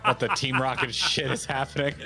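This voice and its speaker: A man's voice: mid-range voice, fairly even intonation, fairly quick, sharp tone, soft background music. A man streaming a game, chatting in a wry, joking way and swearing casually. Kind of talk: casual gaming stream chat.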